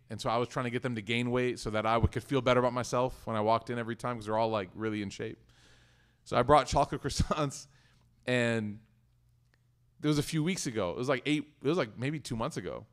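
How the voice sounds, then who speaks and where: Male community speaker, relaxed faith talk, humorous storyteller who trips over his words. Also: mid-range voice, a little fast, clean tone. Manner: conversational and joking, with frequent restarts. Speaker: speaker at a community study circle. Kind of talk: casual religious talk with personal stories.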